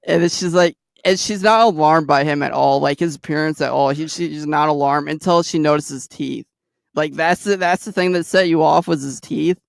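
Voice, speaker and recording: Gravelly, smooth-voiced man, dry close mic. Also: a little high, moderate pace, no echo. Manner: animated, laughs often, recaps scenes from notes. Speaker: podcast co-host. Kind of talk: casual chat.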